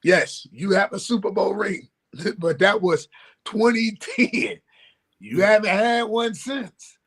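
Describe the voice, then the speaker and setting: A man's voice: sits high, takes it slowly, fairly bright tone, husky. A man co-hosting a sports talk show, arguing his points bluntly and emphatically in casual chat.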